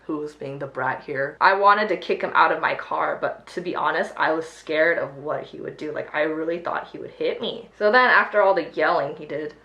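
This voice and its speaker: A woman's voice: deep voice, normal speed, hardly any pauses, highs cut off. A young woman vlogger chatting animatedly while she does her makeup, telling a story with lots of "like". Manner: chatty, animated retelling with many "like"s. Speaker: beauty vlogger. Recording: roomy echo.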